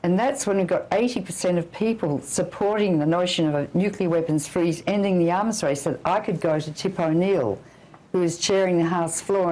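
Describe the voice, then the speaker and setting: A woman's voice: fairly low pitch, moderate pace, darkish tone, low-quality recording. An older woman physician giving an interview, talking emphatically and issuing blunt warnings. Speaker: physician and anti-nuclear campaigner. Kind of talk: interview guest.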